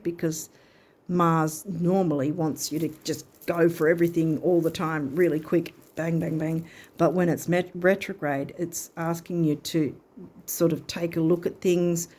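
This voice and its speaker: Woman card reader, mellow low voice, chatty, thinks aloud as she goes. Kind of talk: casual spoken reading.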